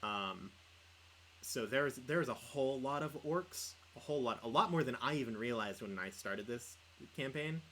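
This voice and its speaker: A young man talks through a casual livestream chat, rambling and leaning on filler words. His pitch sits in the middle of the range. A faint hiss of background noise runs underneath. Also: expressive, moderate pace, a bit bright, poor audio. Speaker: podcast co-host and player.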